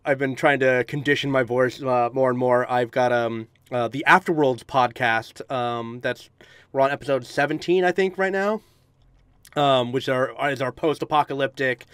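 A man's voice: mid-range voice, steady tone, moderate pace, fairly bright tone, clean tone, no echo. A man hosting a casual podcast chat, rambling with fillers and laughs.

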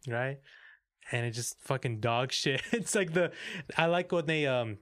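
Swearing, animated young man reviewing movies. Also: mid-range voice, a little slow, dry recording, studio quality. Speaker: podcast co-host. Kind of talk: casual movie review chat.

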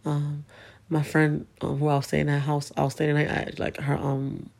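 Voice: medium pitch, completely flat delivery, moderate pace, vocal fry, a little mellow. A speaker telling a painful personal story in a casual, candid way, swearing often and speaking with emotion.

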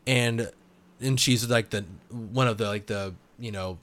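A man co-hosting a podcast in casual chat, animated and laughing, with a heavy use of "like". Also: lowish voice, a little slow. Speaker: podcast co-host.

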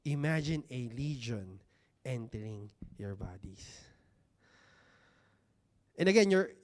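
A man's voice: medium pitch, sing-song. A man preaching a sermon to a congregation, talking conversationally, asking rhetorical questions and stretching out key words for emphasis. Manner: stresses key words with slow, drawn-out delivery. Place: church hall with congregation seated.

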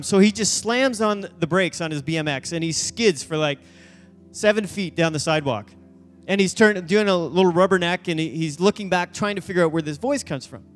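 Man, youth pastor, sermon story, animated, high voice, long hall echo, faint music behind. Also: brisk.

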